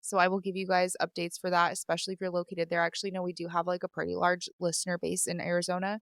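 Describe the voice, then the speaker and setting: Give me a young woman hosting a podcast, talking casually with lots of fillers and a teary edge, clear and close to the mic. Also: on the low side, completely flat delivery, rapid-fire, a bit bright, dry recording. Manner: candid, filler-heavy, chatty. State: teary and sniffling. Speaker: podcast host. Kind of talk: casual solo podcast chat. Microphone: studio microphone.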